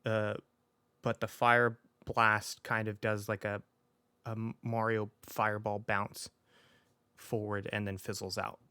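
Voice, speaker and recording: A man's voice: lowish voice, little pitch movement, slow, pushed and bright, clear, resonant tone, no room sound. A man running a tabletop game as game master, narrating with frequent ums and restarts. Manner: hesitant, many ums and restarts.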